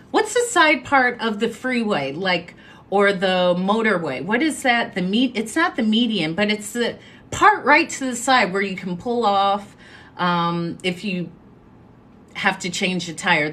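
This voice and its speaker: A woman hosting a live stream, telling a story in a chatty, animated way and making asides to her viewers. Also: mid-range voice. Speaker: livestream host.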